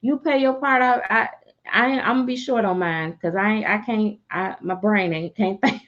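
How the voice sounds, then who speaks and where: A woman who makes and sells dolls, ranting on a livestream in a sassy, animated way and cussing freely. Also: medium pitch, moderate pace, lo-fi sound. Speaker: doll artist and seller. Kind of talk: livestream rant.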